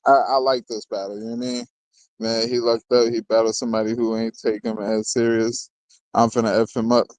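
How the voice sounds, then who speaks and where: A man's voice: medium pitch, little pitch movement, a little fast, darkish tone, dry recording, rough recording. Man rambling battle rap host, dry sound. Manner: loose and rambling, constantly asking "you know what I mean"; laughs between remarks, jokes with chat. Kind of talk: casual commentary.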